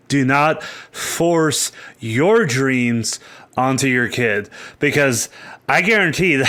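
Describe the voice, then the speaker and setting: Man, podcast co-host, casual chat, cursing, rambling, animated. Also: medium pitch.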